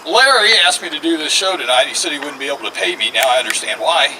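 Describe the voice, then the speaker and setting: A man's voice: a little high, expressive, normal speed. A retired man doing a profane, self-mocking stand-up comedy set. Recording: distant mic, faint noise.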